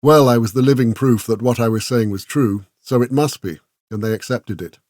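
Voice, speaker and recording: A man narrating an audiobook in a measured, scripted reading voice. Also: mid-range voice, a little mellow, no echo, studio quality.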